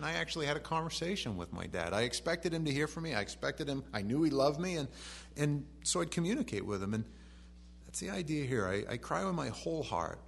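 A man preaching a sermon. He reads scripture softly and then rises to animated emphasis. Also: mid-range voice, gravelly, slight background noise.

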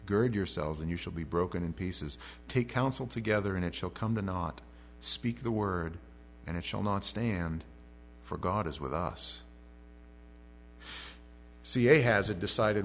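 A man preaching a verse-by-verse sermon, reading scripture aloud and then paraphrasing it in casual, modern speech. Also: low voice. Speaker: pastor. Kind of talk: expository sermon. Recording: faint mains hum.

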